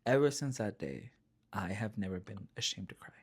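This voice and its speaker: A man's voice: lowish voice, animated, normal speed, slightly rough. A man co-hosting a casual chat, telling a personal faith story earnestly and dropping to a near-whisper when he quotes. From Spanish-speaking family background. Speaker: podcast co-host.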